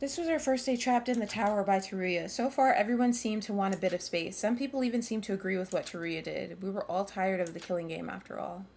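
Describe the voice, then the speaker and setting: A woman reading as a calm young girl narrator. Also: mid-range voice, fast talker, gravelly, hardly any pauses, a little hiss or hum, close to an everyday voice. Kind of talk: reading a visual novel aloud.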